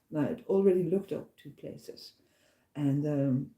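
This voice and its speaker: A woman with a very dark, mellow voice tells a rambling travel story in a casual vlog. She sounds chatty and enthusiastic, a walking pilgrim talking to the camera. Her voice rings with a noticeable echo. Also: deep voice, measured pace.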